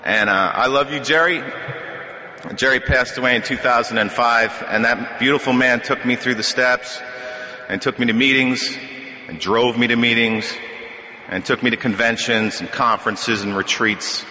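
A middle-aged man tells his story from a podium in a piercingly bright, edgy voice, joking at his own expense as he goes. His words ring out through a big hall with a long, lingering echo. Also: mid-range voice, moderate pace. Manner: conversational storytelling with self-deprecating humor. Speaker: speaker sharing at a recovery meeting. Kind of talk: personal testimony at a podium. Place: meeting hall. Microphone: podium microphone. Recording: echoey hall with long reverb.

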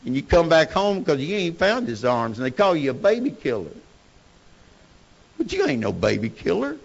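A man giving a personal testimony talk, swinging between hushed and shouted delivery. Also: on the high side, sing-song, normal speed, creaky, slightly rough, muffled recording. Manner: Southern-style storytelling, emotional swings from hushed to shouting. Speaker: speaker sharing recovery story.

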